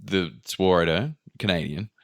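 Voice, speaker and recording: At a normal pace, a man tells a travel story in a casual podcast chat. He swears freely and acts out quotes with sudden jumps in pitch.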